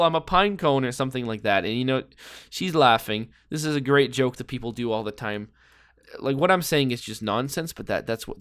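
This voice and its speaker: Here a man with a smooth, mid-range voice that leans a little bright offers loose, rambling commentary over a guessing game, joking and reasoning aloud as a gameplay commentator. It's clean studio audio with no audible room.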